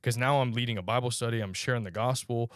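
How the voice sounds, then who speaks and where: A man sharing his personal testimony as a podcast guest, telling his story in a halting, earnest way with frequent pauses. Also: medium pitch, fairly even intonation, dry recording, studio quality. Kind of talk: personal testimony in a conversational interview.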